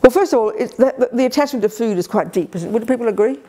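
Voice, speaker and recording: A woman's voice: fairly high pitch, very fast. An older woman, a Buddhist teacher leading a retreat, talking directly and energetically to a group and taking questions. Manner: energetic, direct, lively emphasis. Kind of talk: Dharma teaching with audience questions. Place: retreat hall.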